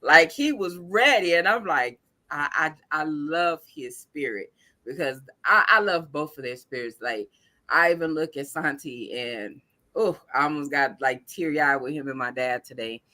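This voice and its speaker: Animated woman host, lively bright voice. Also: low voice, measured pace. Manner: animated storyteller acting out family dialogue. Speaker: podcast host. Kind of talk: casual chat.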